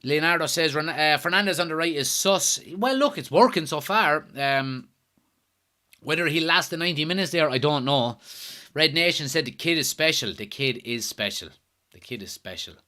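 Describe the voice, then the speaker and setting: A man's voice: fairly high pitch, normal speed, pushed and bright. An Irish man hosting a live football watchalong stream, chatting casually, reading out viewer comments and answering them. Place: at home.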